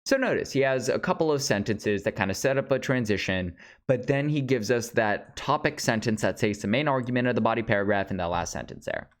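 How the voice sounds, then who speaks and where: A man in an everyday mid-range voice talks students through speech examples. His delivery is loose and conversational, full of small fillers and quick asides. It sounds like a relaxed instructional voice-over. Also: medium pitch. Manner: casual, conversational explaining with fillers. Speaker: speech and debate teacher. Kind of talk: instructional lecture.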